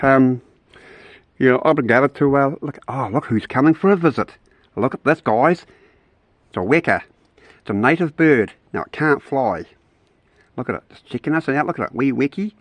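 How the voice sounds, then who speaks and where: A man's voice: medium pitch, no echo, lo-fi sound. Older kiwi man, rambling vlogger, dry close sound. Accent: New Zealand. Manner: rambling, chatty, playful with pets. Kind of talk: casual outdoor vlog chat.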